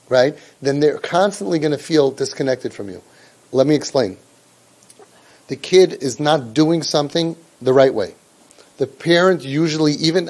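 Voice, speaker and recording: A man's voice: medium pitch, darkish tone. A man leading a parent training group, talking sarcastically and mimicking children and parents. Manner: sarcastic, mimics kids and parents in exaggerated voices. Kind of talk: spoken parent training talk.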